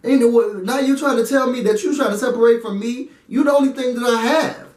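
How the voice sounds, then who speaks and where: A man's voice: extremely high pitch, brisk, a little mellow, echoey room, far from the mic, voice pushed up. A man voicing an upset young woman contestant who pleads in slangy, defiant talk. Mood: upset pleading.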